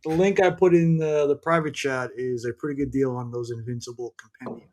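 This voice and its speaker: A man on a comics panel telling a story in a relaxed, matter-of-fact way. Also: mid-range voice, a little fast. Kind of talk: casual podcast chat.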